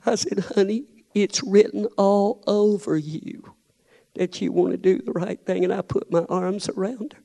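A middle-aged man, preaching a sermon, telling a family story and building up to shouted challenges. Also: sits high, fairly even intonation, moderate pace, gravelly.

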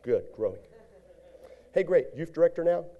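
A man pastor preaching a lively sermon, acting out little scenes and rising to shouts at his peaks. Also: fairly high pitch, normal speed, lo-fi sound.

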